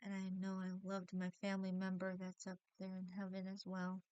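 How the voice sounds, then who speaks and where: Tearful, halting woman vlogger, smooth voice. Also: mid-range voice, completely flat delivery, darkish tone, no room sound, dull audio. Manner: halting, restarts often, near tears. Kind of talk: emotional personal vlog.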